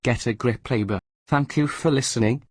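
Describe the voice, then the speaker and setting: A man's voice: medium pitch, moderate pace, slightly rough, dry recording. Indignant New man, dry close voice. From New Zealand. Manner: indignant, mocking. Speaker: political commentator. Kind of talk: scripted opinion monologue.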